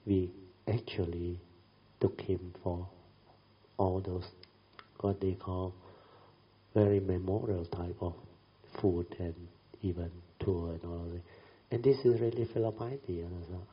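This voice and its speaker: A man's voice: low voice, fairly even intonation, unhurried, long pauses. A middle-aged man giving a Buddhist talk, telling a family story in a chatty way, often adding tag questions and laughing as he goes. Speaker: Buddhist teacher. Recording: dull lo-fi recording.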